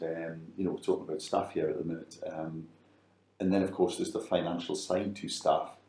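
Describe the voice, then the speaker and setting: A man's voice: low voice, dark tone, reverberant, low-quality recording. A middle-aged man, a business advisor co-hosting a podcast, talking casually and repeating words as he restarts his thoughts. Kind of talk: casual conversational podcast chat.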